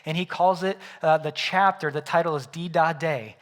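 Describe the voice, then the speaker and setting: A man's voice: fairly high pitch, normal speed. Conversational young man preaching a sermon. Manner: conversational preaching with frequent "right?" asides; builds loud through storytelling, drops quiet and soft for reflection. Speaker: pastor.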